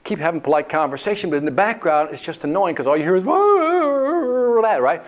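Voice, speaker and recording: Racing along with a voice on the high side, a male sales trainer delivers a motivational story, animatedly performing whiny voices and characters, all captured in dull lo-fi sound.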